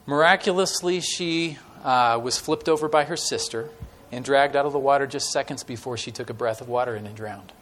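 A man preaching a sermon with stories to a church congregation, talking in a conversational way with many fillers and dramatic pauses. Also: mid-range voice, a bit bright. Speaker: guest preacher.

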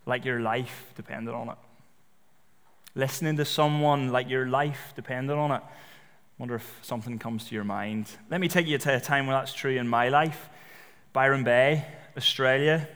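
A man preaching a sermon in a relaxed, conversational storytelling way, with frequent fillers. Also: mid-range voice. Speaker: pastor. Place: church. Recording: long reverb of a church hall.

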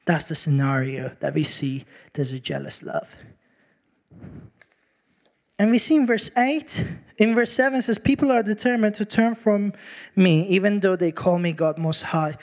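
High-voiced man preaching a sermon. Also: unhurried, long pauses. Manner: storytelling, animated, acts out quotes.

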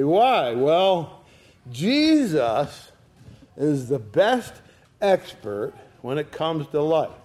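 Retired older man preaching slowly. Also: fairly high pitch, dark tone. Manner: folksy storytelling, dramatic quoted lines. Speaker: pastor. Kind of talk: sermon.

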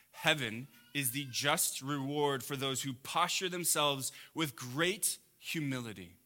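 A man preaching a sermon to a congregation, swinging between loud emphatic peaks and quiet low asides. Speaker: pastor.

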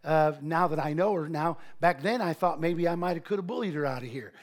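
High-voiced pastor preaching. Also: male voice, a little fast. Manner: animated preaching with asides and laughter. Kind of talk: sermon.

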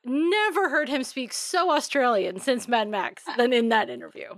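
Higher-voiced woman podcast co-host. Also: very animated, moderate pace, a bit bright, dry recording. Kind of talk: casual chat.

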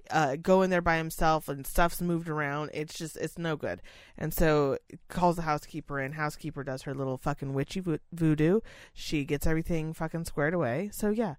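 Here is a profane, rambling speaker of middle pitch, telling a work story in casual chat. The voice sits close in a dry, dead room. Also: no room sound. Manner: profane, rambling storyteller who acts out other people's voices. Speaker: podcast co-host and senior-living staff worker.

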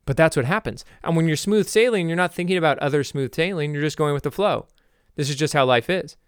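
Smooth-voiced man rambling through a podcast. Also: on the high side, fast, no echo, clean studio sound. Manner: rambling, self-correcting, jokey asides. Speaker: podcast host. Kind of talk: motivational podcast monologue.

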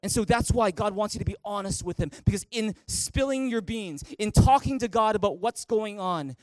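Guy pastor preaching a sermon, fairly high voice, dry close sound, calls out to the crowd to read along. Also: animated, normal speed, a little mellow, dry recording. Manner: preaching with congregation call-and-response. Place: church in Canada.

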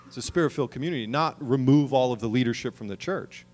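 A man's voice: medium pitch, fast, a little mellow, soft background music. A middle-aged man preaching a sermon as pastor, earnest, with emphatic rising calls.

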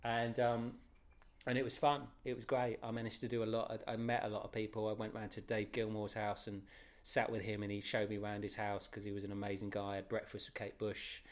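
Middle-aged guest, lower voice, chatty anecdotal delivery, lots of ums. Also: male voice, fairly quick. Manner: lively, animated retelling with many fillers. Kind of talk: casual anecdotal storytelling.

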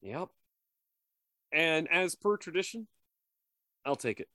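A man's voice: a little high, sing-song, takes it slowly, bright, forceful tone, no echo, clean studio sound. A man co-hosting a comedy podcast, talking in a playful, jokey, casual way. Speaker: podcast co-host.

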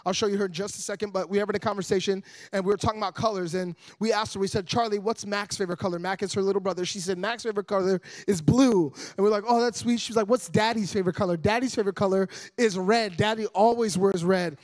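A young man preaching a sermon as a guest evangelist, joking with the congregation and building up to loud, energetic preaching. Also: high-pitched, fast, hardly any pauses.

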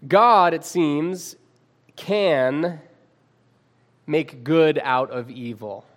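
A male preacher giving a sermon, reading scripture aloud with dramatic pauses and calling his listeners friends. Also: on the high side.

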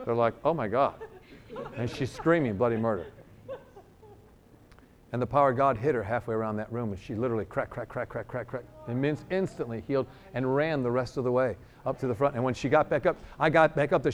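A man's voice: medium pitch, fast. A middle-aged man from New York preaching a sermon, telling a healing story with jokes and acting out both sides of the dialogue. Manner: animated, joking, acts out dialogue.

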